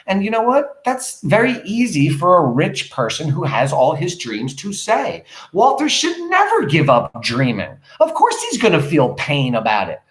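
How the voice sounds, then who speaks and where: Animated male teacher in an echoey room. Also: fairly high pitch. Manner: animated, questioning, pauses to explain. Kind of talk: reading a play aloud with commentary for students.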